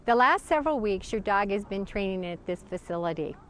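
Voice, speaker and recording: A woman's voice: medium pitch, lively intonation, brisk, soft background music. A woman dog trainer giving casual spoken instruction, explaining and demonstrating commands with a dog.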